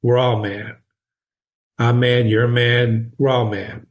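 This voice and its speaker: A man voicing a calm, teasing male cat from a storybook, speaking his lines slowly and deliberately. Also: medium pitch, lightly acted.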